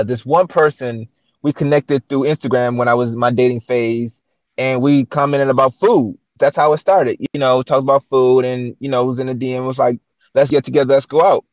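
A man's voice: mid-range voice, dry recording, muffled recording. A man guest-hosting a chat show, telling stories in a casual way and acting out the dialogue he quotes. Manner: animated, acts out quoted dialogue. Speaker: guest host. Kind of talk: casual storytelling.

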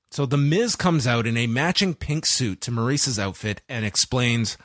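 A man's voice: mid-range voice, moderate pace, hardly any pauses, no echo, studio quality. A man co-hosting a wrestling podcast, recapping an episode in a sarcastic, casual way. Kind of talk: casual chat.

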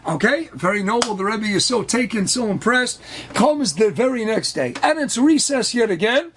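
A man telling an inspirational story in an animated, emphatic way, sprinkling in Hebrew and Yiddish terms. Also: high-pitched, normal speed, a little hiss or hum. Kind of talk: inspirational story at a wedding celebration.

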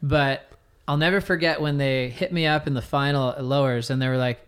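A man being interviewed as a surf commentator, telling stories in a relaxed way with lots of fillers and easy laughs. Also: medium pitch, fairly quick, smooth. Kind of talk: casual interview storytelling.

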